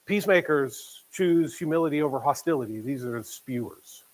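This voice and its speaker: Male pastor, fairly high voice, chatty sermon delivery with dramatized quotes and hushed emphasis. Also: lively intonation, normal speed, rough recording. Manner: conversational preaching, acts out quoted voices, drops to quiet emphasis.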